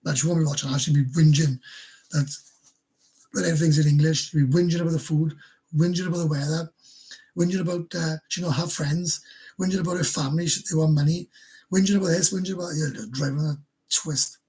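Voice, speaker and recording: Husky Welsh man chatting to viewers. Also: fairly high pitch, fairly even intonation, a little fast, darkish tone. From Wales. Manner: rambling, swears freely, stumbles and repeats words. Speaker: livestream host. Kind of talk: casual livestream chat answering viewers.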